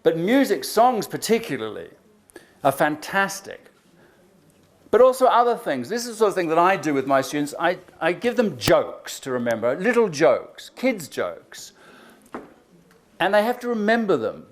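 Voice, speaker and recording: A man giving a chatty, joking talk to a room of teachers, acting out kids' jokes in quick little voices. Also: on the high side, big pitch swings. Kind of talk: lively conference talk to teachers. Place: lecture hall.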